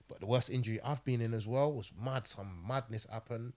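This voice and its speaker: A man's voice: medium pitch, a little fast. A man, an ex-prisoner hosting a podcast, telling stories in casual slang, swearing often. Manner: slangy, swearing, frequent "you get me". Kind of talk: casual storytelling chat.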